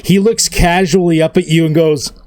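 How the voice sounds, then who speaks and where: A man's voice: on the high side, steady tone, normal speed, darkish tone, no room sound. Rambling man running a tabletop game. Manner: rambling, loose, full of fillers. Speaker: game master.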